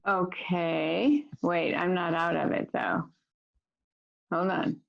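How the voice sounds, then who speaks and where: A woman on a video call, chatting casually as a guest speaker and reading poetry slowly and deliberately. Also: fairly low pitch, steady tone, gravelly, lo-fi sound.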